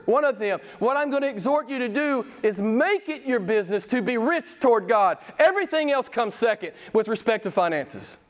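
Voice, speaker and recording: A male pastor preaching a sermon, emphatic and repeating his key phrases for weight. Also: high-pitched.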